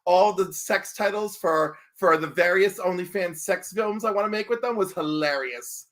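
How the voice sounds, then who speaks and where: A man guest in a casual chat, telling jokey stories in an animated way. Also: sits high, moderate pace.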